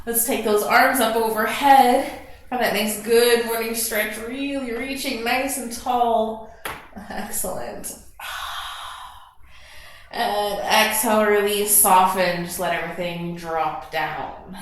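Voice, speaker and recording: A woman leading a gentle yoga class, slowly and softly talking students through breathing and stretches. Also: fairly high pitch. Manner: soft, slow guiding cues with gentle encouragement. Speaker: yoga instructor. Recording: very echoey room.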